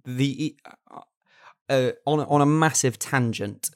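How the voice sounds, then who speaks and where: A young man co-hosting a casual football podcast, talking in quick animated bursts and repeating words as he builds a point. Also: mid-range voice, smooth. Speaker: podcast co-host.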